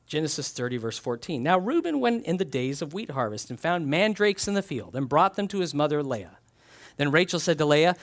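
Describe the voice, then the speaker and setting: Male pastor, sermon, fairly high voice, very lively intonation, animated storytelling. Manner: animated storytelling, acting out little scenes. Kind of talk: sermon with scripture reading.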